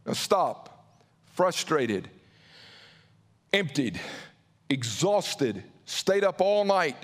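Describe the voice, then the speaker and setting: A man preaching a sermon, acting out quotes and pausing for drama. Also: a little high, big pitch swings, big-room sound. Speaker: pastor.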